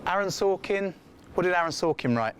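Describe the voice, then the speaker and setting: A man giving an informal scriptwriting lecture in a classroom, chatty and animated, acting out the feedback he quotes. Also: high-pitched, a little fast, a little hiss or hum.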